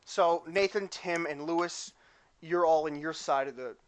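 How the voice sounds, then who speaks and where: A man's voice: on the high side, measured pace, smooth. A young man running a tabletop game and narrating casually as game master.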